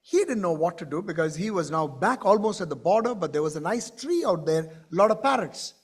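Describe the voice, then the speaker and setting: A man delivers a keynote from a conference stage. His voice sits fairly high for a man. He speaks to the audience directly and brings his stories to life by acting out the characters' dialogue. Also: animated, fairly quick, husky.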